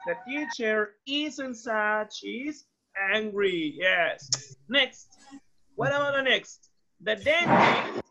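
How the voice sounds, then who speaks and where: A woman teaching English, slowly repeating phrases for students to echo and mixing in Spanish. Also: a little high, expressive, sharp tone. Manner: switches between English and Spanish. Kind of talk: classroom drilling. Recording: dull lo-fi sound.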